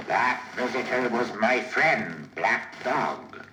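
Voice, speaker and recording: An actor playing a menacing blind old pirate on a vintage children's story record. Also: male voice, medium pitch, lively intonation, slow, pushed and bright, slight background noise. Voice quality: menacing, wheedling then threatening. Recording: echoey vintage vinyl recording.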